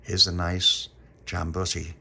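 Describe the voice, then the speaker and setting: Man putting on a low theatrical vampire, slow and creepy. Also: little pitch movement, creaky, pushed and bright, slightly rough, heavily acted. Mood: sinister.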